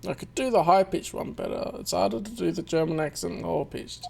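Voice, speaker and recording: A man's voice: high-pitched, a little fast, creaky, hardly any pauses, darkish tone, a little hiss or hum. Chatty man commenting on a game. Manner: chatty, self-aware asides. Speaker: let's play host.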